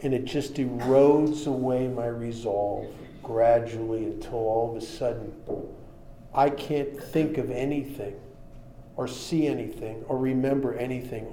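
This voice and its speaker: A man's voice: mid-range voice, measured pace, a little hiss or hum. A man sharing his recovery story in a plain-spoken, humorous storytelling talk. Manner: plain-spoken and humorous, shifting between lively and quiet.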